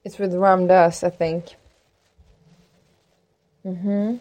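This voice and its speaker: A woman's voice: lowish voice, little pitch movement, extremely slow, a little mellow. A woman hosting a spiritual talk in a rambling, reflective monologue with playful rhymes and many fillers. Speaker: spiritual podcast host.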